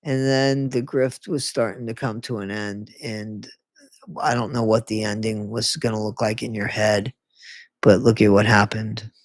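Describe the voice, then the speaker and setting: A livestream host speaks in plain, casual commentary that is blunt and openly scornful, with frequent swearing. Asides to the live chat fill the breaks. The sound is close and dry, at a mid pitch. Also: level tone, unhurried, dry recording.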